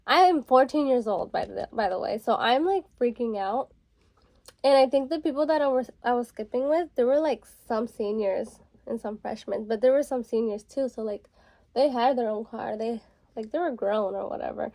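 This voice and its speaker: A woman's voice: fairly high pitch, moderate pace, dark tone, dry recording. A young adult woman vlogger telling a story in a casual, rambling way, full of fillers. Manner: chatty, rambling, filler-heavy with frequent "like". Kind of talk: casual storytelling while getting ready.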